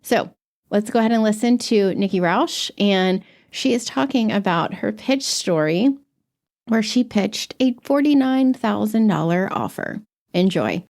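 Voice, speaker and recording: A woman's voice: mid-range voice, expressive, unhurried, darkish tone. A woman hosting a podcast, upbeat and chatty, laughing along and cutting in with questions. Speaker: podcast host. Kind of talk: casual interview.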